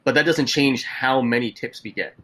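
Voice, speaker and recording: A young man co-hosting a podcast, chatting casually and telling animated, profane stories, acting out other people's voices. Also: medium pitch, moderate pace, slight background noise. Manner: swearing, animated storytelling with put-on voices. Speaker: podcast co-host. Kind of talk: casual chat.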